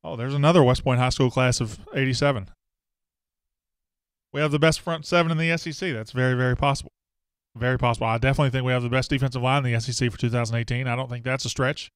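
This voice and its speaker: A man's voice: mid-range voice, fairly even intonation, quick pace, clean tone, no echo. A man hosting a casual live sports talk show, rambling and self-deprecating as he greets viewers by name.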